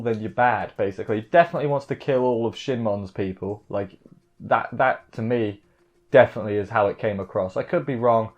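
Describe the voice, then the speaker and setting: A man giving a casual, rambling recap of an anime episode, full of fillers and self-corrections. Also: medium pitch. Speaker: anime reviewer. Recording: dull lo-fi audio with faint music.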